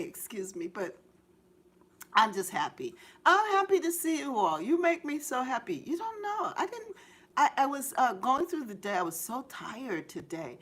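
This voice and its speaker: A woman's voice: fairly high pitch, fairly bright tone. A middle-aged woman hosting a live gardening stream, chatting with viewers in a bubbly, giggly, cheering way. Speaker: gardening channel host.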